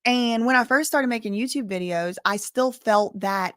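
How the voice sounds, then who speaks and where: A woman's voice: on the high side, moderate pace, smooth, no echo. Candid Southern woman YouTuber, dry close sound. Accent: Southern US, softened. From US South, bayou country. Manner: candid, emphatic, repeats words for stress. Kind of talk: casual storytelling to camera.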